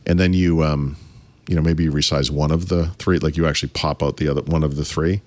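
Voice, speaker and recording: Man, very low voice, casual tech chat, restarts sentences, chuckles, dry recording. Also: steady tone, fast, no room sound. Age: adult. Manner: rambling, self-interrupting, chuckles at own jokes. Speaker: podcast co-host.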